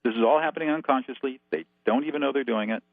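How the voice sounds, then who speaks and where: A man's voice: medium pitch, quick pace, gravelly, dry recording. A man as a guest expert, calling in and laying out numbered steps in a methodical, instructive way over a tinny phone line. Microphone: telephone.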